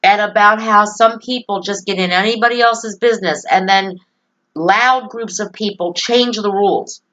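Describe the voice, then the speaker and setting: Poor audio carries the mid-range, fairly bright voice of a woman political vlogger speaking at normal speed. Addressing the camera about her own life and opinions, she is earnest, emotional and opinionated.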